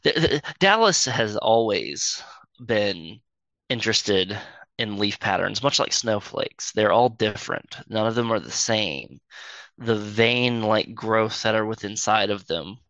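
A man's voice: on the low side, lively intonation, a little slow, sharp tone, no room sound. A man narrating an improvised character backstory in a rambling way, with many fillers and self-corrections, recorded with a dull lo-fi sound.

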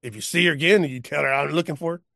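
A man voicing an old, drunk cowpoke who rambles in a halting drawl. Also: on the high side, creaky, pushed and bright, dry recording, studio quality. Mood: conversational.

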